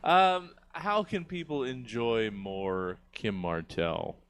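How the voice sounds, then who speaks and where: A man's voice: mid-range voice, slow pace, a bit bright, clear, resonant tone. A man hosting a comedy panel show who laughs often and keeps losing his words. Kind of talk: casual comedy panel chat.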